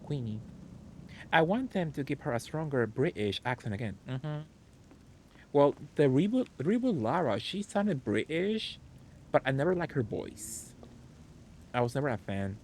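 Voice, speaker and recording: A man's voice: mid-range voice, big pitch swings, normal speed, pauses often, slight background noise. Chatty male streamer greeting chat. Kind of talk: casual live gameplay commentary.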